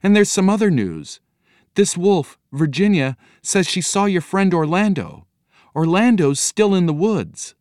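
A man voicing a cheerful young girl in a storybook reading, talking eagerly with a raised, bright voice. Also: high voice, very animated, unhurried, no room sound, clean studio sound, pitched above the performer's own voice. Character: young girl becoming part wolf, cheerful.

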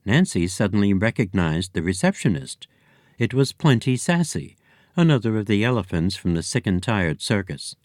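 A man reading a children's story aloud as narrator, with expressive storytelling. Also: lowish voice, moderate pace, no echo, studio quality. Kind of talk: audiobook narration.

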